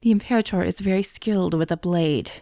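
A stiff, formal alien interrogator, chilling and inhuman in its calm, read by a woman. The voice sits low and gravelly. The tone is dark, the sound dry and close. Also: a little fast, no echo. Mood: cold.

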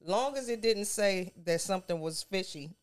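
Animated joking woman podcast co-host. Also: medium pitch, moderate pace, over a noisy crowd. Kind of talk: casual chat.

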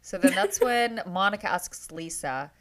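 A woman's voice: on the low side, animated, unhurried. A woman co-hosting a podcast, laughing often and retelling scenes dramatically. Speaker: podcast co-host. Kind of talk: casual recap chat.

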